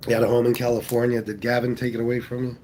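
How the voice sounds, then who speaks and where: A man's voice: mid-range voice, little pitch movement, racing, a little mellow, a little hiss or hum. A man from Pennsylvania hosting a casual livestream, talking bluntly with plenty of swearing and reading viewer comments aloud. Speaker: livestream host.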